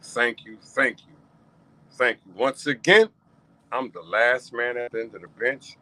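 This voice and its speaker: A man in his 50s hosts his own casual solo talk show as a podcast, emotionally repeating phrases as he offers his audience heartfelt thanks. His mid-range voice is a little slow, pushed and bright, in a rough recording with no echo.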